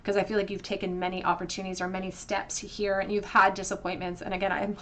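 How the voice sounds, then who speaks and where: A woman giving a tarot card reading to her viewers, earnest and emotional, often pausing with fillers and restarts. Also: mid-range voice, level tone, fairly bright tone, slight background noise. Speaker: tarot reader.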